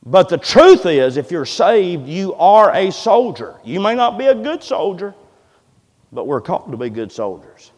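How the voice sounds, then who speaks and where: A fervent preacher whose high voice leaps up and down, rising to loud, emphatic cries and dropping to low, quiet asides. His sermon rings through a church hall with a long, echoing reverb. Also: big pitch swings, a little slow. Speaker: pastor. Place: church sanctuary. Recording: echoey church hall sound.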